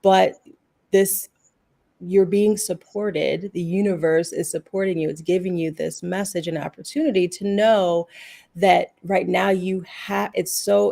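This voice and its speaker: A woman speaks in a fairly low, gravelly voice, offering earnest, reassuring spiritual guidance. She talks freely, restarting her sentences now and then. The sound comes through a remote call. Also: fairly even intonation, measured pace, warm tone. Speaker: guest healing practitioner. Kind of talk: spiritual advice talk.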